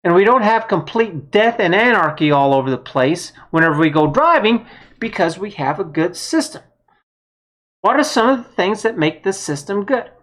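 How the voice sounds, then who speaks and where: A woman's voice: mid-range voice, lively intonation, normal speed. A woman giving a blunt, heated political opinion monologue, with some mild swearing. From United States. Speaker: vlogger.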